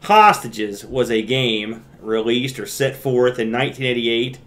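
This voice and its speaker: A man co-hosting a retro gaming podcast in casual chat, animated and jokey, acting out his own reactions. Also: medium pitch, measured pace. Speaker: podcast co-host.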